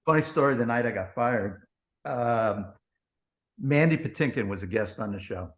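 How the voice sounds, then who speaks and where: A man's voice: medium pitch, expressive, normal speed. A man, a former TV producer guesting on a podcast, telling rambling, profane backstage anecdotes full of "he goes" and "blah, blah.". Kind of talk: anecdotal storytelling.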